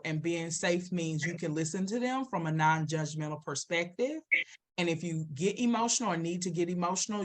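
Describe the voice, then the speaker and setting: A woman therapist co-hosts a live show. Her voice sits on the low side, and she talks bluntly and emphatically, rising and getting louder to make a point. She also answers viewer comments. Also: a little hiss or hum. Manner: emphatic, direct, swings loud and animated. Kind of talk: live-stream chat with viewers.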